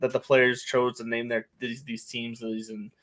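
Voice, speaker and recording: A man's voice: medium pitch, flat delivery, moderate pace, a bit bright. A man from New England in loose sports-podcast chat, his voice sitting in a middle register. He rambles, circles back and restarts his sentences, with plenty of fillers. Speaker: podcast co-host. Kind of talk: casual chat.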